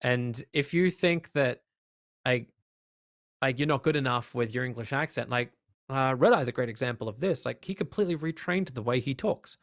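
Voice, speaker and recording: An Australian man speaks as an interview guest, emphatic and quick to jump into voices of the people he describes. His delivery is animated and loose, full of fillers, in a mid-pitched voice. The sound is dry and close to the mic. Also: no room sound. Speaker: esports caster, guest. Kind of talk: casual interview chat.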